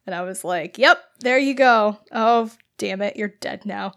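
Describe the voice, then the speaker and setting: A woman's voice: mid-range voice, fairly quick. A woman chatting casually as a podcast co-host, laughing often and acting out quotes animatedly. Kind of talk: casual chat.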